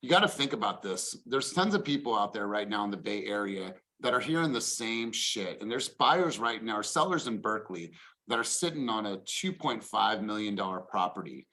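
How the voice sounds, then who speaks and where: A man's voice: lowish voice, animated, moderate pace, pushed and bright. A man real estate coach giving a motivational talk on a call, emphatic, acting out a homeowner's reactions.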